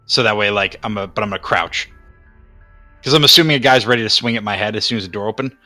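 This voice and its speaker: Man, player, low bright voice, eager questions, casual game chat. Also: quick pace, dry recording, soft background music.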